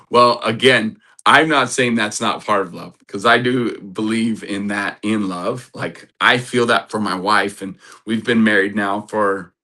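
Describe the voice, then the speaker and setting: Middle-aged male relationship coach, earnest and rambling, slightly low pitch, forceful bright tone. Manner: earnest, rambling, with restarts and laughs. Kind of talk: motivational talk to camera.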